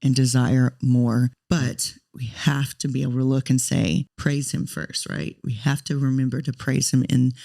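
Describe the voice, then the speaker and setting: A woman's voice: extremely low pitch, little pitch movement, normal speed, gravelly, few pauses, dark tone. A woman in her thirties co-hosting a podcast, telling a personal story in an earnest, talkative way. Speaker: podcast co-host.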